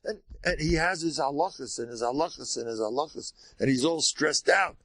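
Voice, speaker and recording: Animated older rabbi, gravelly voice. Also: male voice, on the high side, brisk, no echo. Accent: American Orthodox Jewish English. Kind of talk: informal Torah lecture.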